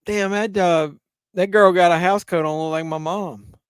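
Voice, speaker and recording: A tipsy man rambles through a live movie watch-along, cursing casually and answering his viewers' chat. His voice sits a little high and comes through smooth and resonant. The sound is dry and close, with no room echo. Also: fairly even intonation, normal speed. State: tipsy from drinking. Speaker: live-stream host.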